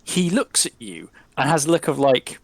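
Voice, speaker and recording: Lively, rambling male game master. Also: mid-range voice, normal speed, no echo, rough recording. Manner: rambling, full of ums and likes. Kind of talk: narrating a tabletop role-playing game.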